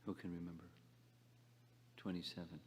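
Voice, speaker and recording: An older man giving a scripture class lecture, speaking haltingly, repeating words and asking the class questions. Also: sits low, little pitch movement, big-room sound, slight background noise. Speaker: spiritual teacher.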